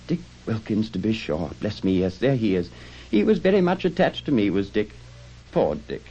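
An old miser, stirred by memories , as a male reader puts him on, speaks in halting, emotional bursts. The voice is fairly low, and the recording sounds dull and lo-fi. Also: sing-song, warm tone, breathy edge. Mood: wistful. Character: miserly old man, moved to tears.

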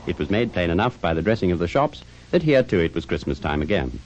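A man narrating a classic tale in an expressive, dramatic reading style. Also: low voice, quick pace, a little hiss or hum. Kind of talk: scripted storybook narration. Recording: dull lo-fi recording with faint music.

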